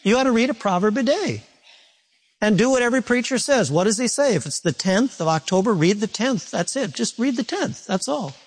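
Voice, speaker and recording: A man preaching a sermon to a congregation in an animated, conversational way, repeating points and turning to asides. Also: high voice, fairly quick, husky. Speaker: pastor.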